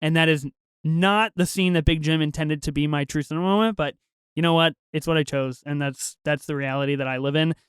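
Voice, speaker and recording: A man with a high, smooth and clear voice talks through a film review in easy, casual chat. He is enthusiastic, laughs a lot and leans on fillers. The sound is dry and close. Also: steady tone, a little fast, no room sound. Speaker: podcast co-host.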